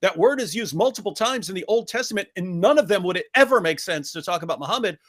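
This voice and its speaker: A man's voice: high-pitched, lively intonation, quick pace, hardly any pauses, a bit bright. A man co-hosting a debate review, talking casually and sarcastically, mocking opposing arguments with exaggerated mimicry. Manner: emphatic, repeats phrases when building a point. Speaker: co-host of a debate review show. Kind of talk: casual discussion, commentary.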